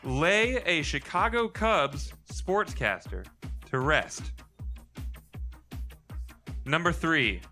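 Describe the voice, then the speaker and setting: A man hosting a live pub trivia game, reading clues slowly and repeating each one. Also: on the high side, big pitch swings, pushed and bright, soft background music. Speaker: quiz host. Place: pub stage with live audience.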